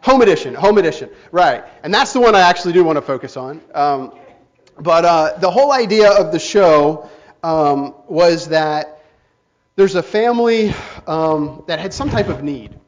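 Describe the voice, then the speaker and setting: A man with a high voice preaches, telling a story in a rambling way with many ums and restarts. The recording sounds dull and lo-fi. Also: lively intonation, a little slow. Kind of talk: sermon.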